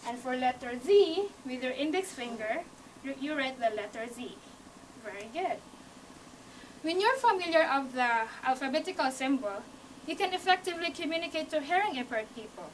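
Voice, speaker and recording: High-voiced woman with a Hawaii accent, from afar. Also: lively intonation, normal speed, recorded from a distance, slight background noise, low-quality recording. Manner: encouraging, leads the audience through each step; non-native phrasing, small grammar slips. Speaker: student speaker teaching sign language basics. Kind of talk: classroom speech to a small audience. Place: university media room. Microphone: camcorder from across the room.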